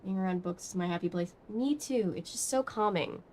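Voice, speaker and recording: A woman's voice: medium pitch, fairly quick, darkish tone, slight background noise. A woman streaming from home, chatting casually and rambling with many fillers while she answers her chat. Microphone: webcam setup.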